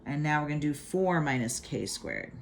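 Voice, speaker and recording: A woman's voice: deep voice, animated, moderate pace, creaky, slight background noise. A middle-aged woman giving a chatty, playful math lesson from home, talking through each step. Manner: chatty and playful, with hype catchphrases. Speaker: math teacher. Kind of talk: casual video math lesson.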